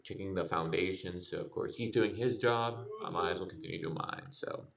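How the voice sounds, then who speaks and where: Low gravelly dude streaming a build, rambling, thinking out loud, mic far away, loud noise behind. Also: male voice, brisk. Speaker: game streamer. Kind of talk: casual gameplay commentary.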